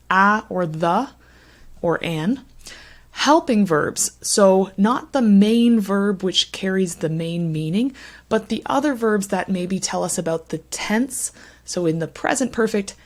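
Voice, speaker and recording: A woman giving an English pronunciation lesson, speaking slowly and stressing key words as she lists examples. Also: medium pitch. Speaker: English teacher.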